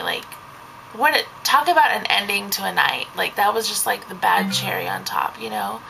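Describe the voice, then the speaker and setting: A woman's voice: medium pitch, very animated, normal speed, gravelly, sharp tone, a little hiss or hum, rough recording. A young woman, a babysitter, telling a story in a casual vlog, rambling and saying "like" constantly. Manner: rambling, heavy use of "like".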